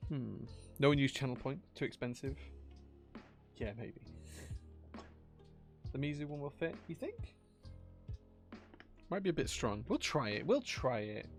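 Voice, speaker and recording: A man's voice: mid-range voice, lively intonation, normal speed, long pauses, soft background music. A man streaming live, chatting casually while he builds a keyboard, thinking aloud and answering chat.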